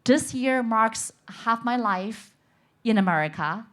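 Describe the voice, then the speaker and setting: A woman's voice: a little high, expressive, slow, a bit bright. A woman from China, an insurance expert, speaking earnestly on a conference panel and telling stories. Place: conference stage.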